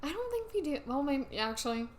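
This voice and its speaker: A woman's voice: sits high, sing-song, fast, slight background noise. A young woman co-hosting a podcast, giggly and teasing in casual chat. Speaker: podcast co-host.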